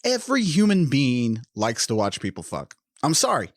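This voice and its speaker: A man co-hosts a film podcast in a casual, rambling, profane chat full of restarts and laughs. His mid-range voice swoops wildly in pitch at normal speed, recorded dry with clean studio sound.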